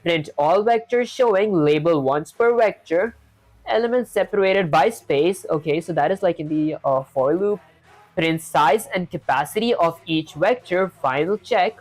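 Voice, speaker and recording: A man streaming live coding, talking quickly in a casual, chatty way, reading instructions aloud and filling gaps with fillers. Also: high voice. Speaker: programming streamer.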